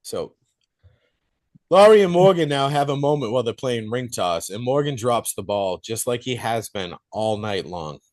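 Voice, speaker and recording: A man co-hosting a podcast, casually retelling a movie plot in animated detail and swearing freely. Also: mid-range voice, moderate pace. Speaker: podcast co-host reviewing a film.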